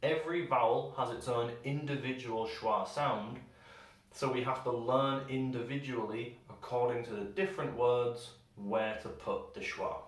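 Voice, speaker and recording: A man teaching English pronunciation, slowing down and stretching words to show each sound. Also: medium pitch, fairly even intonation, distant mic. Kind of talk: pronunciation lesson. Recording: very echoey room, voice set back from the mic.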